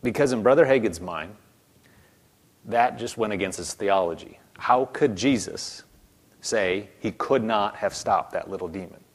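Male preacher, lower voice, conversational teaching sermon to a congregation, loose and repetitive storyteller. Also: a little slow. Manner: retells stories with restarts and asides to the congregation. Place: church meeting with a live congregation.

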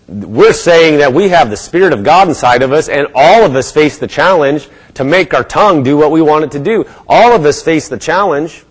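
A man preaching a sermon, switching between a low, gloomy inner voice and bold, rising declarations. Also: slightly rough, low-quality recording. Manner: acts out a gloomy mumbling inner voice, then lifts to bold declarations.

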